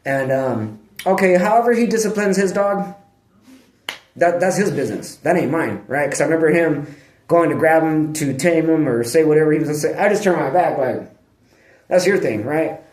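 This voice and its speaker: A man's voice: a little high, normal speed, a little mellow. Man rambling casually in an echoey room. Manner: profane, slangy, digressive, breaks off to scold his dog. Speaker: vlogger.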